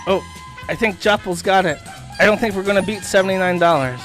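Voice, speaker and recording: A man's voice: sits high, a little fast, fairly bright tone, soft background music. A man hosting a livestream, ranting in a profane, mocking, rambling way. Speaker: streamer host. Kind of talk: livestream commentary rant.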